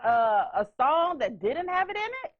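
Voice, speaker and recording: Woman host, high and lively, loud playful storyteller. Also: moderate pace, narrow, tinny audio. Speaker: podcast host. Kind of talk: casual chat.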